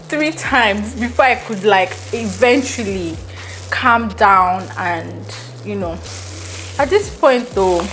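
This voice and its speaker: A woman telling a story in an animated, laughing way while cooking in her home kitchen. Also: medium pitch, background noise. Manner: animated, laughing, mixes in slang. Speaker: vlogger. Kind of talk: storytelling vlog. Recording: kitchen with loud frying sizzle.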